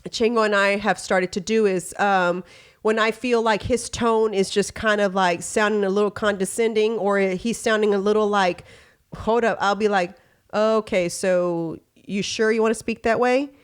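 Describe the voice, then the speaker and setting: A woman's voice: medium pitch, fairly even intonation, moderate pace, clean tone. A woman hosting a podcast, talking candidly and casually with lots of filler phrases, acting out bits of dialogue as she goes. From Texas. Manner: slips into quoted dialogue voices. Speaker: podcast host. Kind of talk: casual chat.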